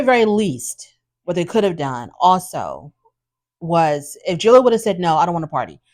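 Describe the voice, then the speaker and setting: A woman, hosting and giving opinionated, animated commentary on a show and acting out quotes in her own voice. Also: lowish voice. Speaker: host recapping a reality show. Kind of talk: casual commentary.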